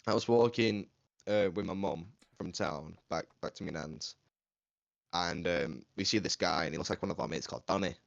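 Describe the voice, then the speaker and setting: A man's voice: low-pitched, normal speed, gravelly, no room sound, lo-fi sound. A young Englishman, telling a story in a laid-back, casual way and swearing freely as a podcast co-host. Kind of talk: casual storytelling among friends.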